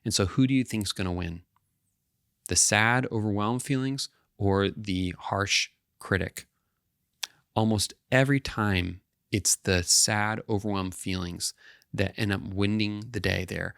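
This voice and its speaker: Low gravelly male counselor explaining. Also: unhurried, a bit bright, no room sound, clean studio sound. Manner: explanatory, often checks in with "right?" and "okay". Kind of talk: educational talk to camera.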